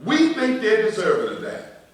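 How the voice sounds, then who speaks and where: A middle-aged pastor preaching a sermon, swinging between loud emphasis and quiet asides. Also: male voice, sits high, wildly swooping pitch, normal speed. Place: church sanctuary. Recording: echoey church, voice from a distance.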